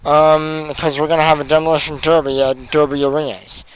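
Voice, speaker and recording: A man's voice: fairly high pitch, flat delivery, a little fast, slight background noise, rough recording. A young man narrating a car-crash video game casually, rambling with many ums and giggles, and he has the hiccups. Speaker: gaming channel host. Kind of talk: casual gameplay commentary.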